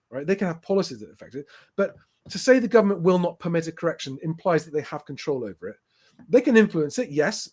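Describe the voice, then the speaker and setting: A man hosting a casual live stream, rebutting viewer comments point by point in an emphatic way. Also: on the high side. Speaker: host.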